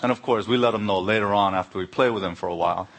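A man's voice: fairly low pitch, rapid-fire, vocal fry, slight background noise. A middle-aged man, preaching a sermon full of personal stories and acted-out dialogue. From Korea. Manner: anecdotal, animated when acting out dialogue. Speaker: pastor. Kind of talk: sermon with storytelling.

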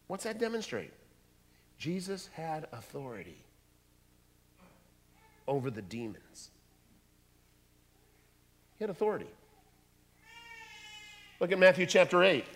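A man preaching a sermon, animated and acting out voices from the scripture he reads. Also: on the high side, takes it slowly, pauses often. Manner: animated, acts out voices in quotes. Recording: long hall reverb.

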